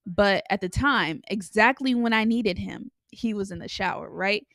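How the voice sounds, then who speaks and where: A woman's voice: medium pitch, normal speed, creaky, fairly bright tone, no echo, clean studio sound. A young woman telling a personal story in a candid, chatty way, full of likes and ums, as a podcast host. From Los Angeles area. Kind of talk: casual storytelling monologue.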